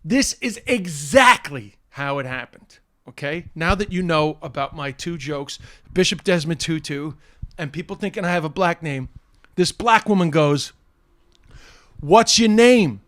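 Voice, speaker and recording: Animated comedian telling a story. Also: male voice, fairly high pitch, normal speed, no room sound, studio quality. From United States. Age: middle-aged. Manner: animated, builds to excited near-shouting at the punchline; self-correcting restarts, frequent "uh" and "but anyway". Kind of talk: casual storytelling to camera.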